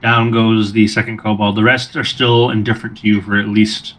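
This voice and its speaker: A man narrating a tabletop game as game master, describing the scene in steady, descriptive terms. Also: lowish voice, brisk.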